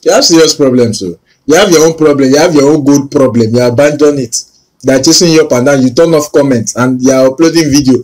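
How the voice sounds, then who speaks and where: A man's voice: medium pitch, fast talker, darkish tone. A man with a Nigerian accent co-hosting a casual commentary chat, mocking and incredulous. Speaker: co-host.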